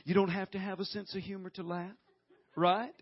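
A middle-aged man preaching a sermon as a guest preacher, folksy and animated, breaking into loud laughter. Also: high voice, moderate pace, slightly rough, muffled recording.

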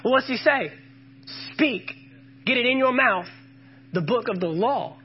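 A man's voice: extremely high pitch, lively intonation, measured pace, slightly rough, lo-fi sound. A man preaching a sermon, quoting scripture with emphasis and calling out questions to the congregation.

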